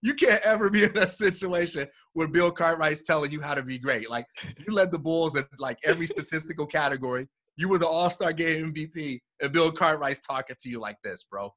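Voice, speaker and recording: A man talking as a guest in a casual conversation, animated and acting out quotes as he tells a story, heard over a video call. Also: fairly high pitch. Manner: animated storyteller, acts out quotes, repeats words.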